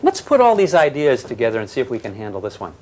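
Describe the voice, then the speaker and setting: A man's voice: medium pitch, huge pitch swings, fast, darkish tone. An older man giving a physics lecture to a class, teasing and questioning his students as he explains. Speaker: physics teacher.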